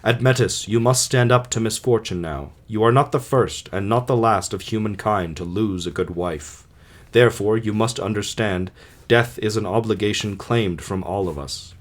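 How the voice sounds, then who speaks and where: A man voicing a solemn chorus leader in his own voice, reading measured lines of consolation for an amateur audiobook. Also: lowish voice, natural voice. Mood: consoling.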